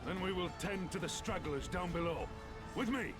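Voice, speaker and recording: A man's voice: high-pitched, lively intonation, normal speed. An actor playing a seasoned older warrior who commands his men, in a game cutscene. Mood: commanding. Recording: game cutscene with loud music.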